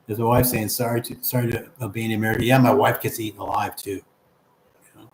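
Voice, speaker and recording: A man's voice: fairly low pitch, little pitch movement, quick pace, echoey room, a little hiss or hum. A man hosting a casual livestream, reading viewer comments aloud and chatting back in an encouraging, easygoing way.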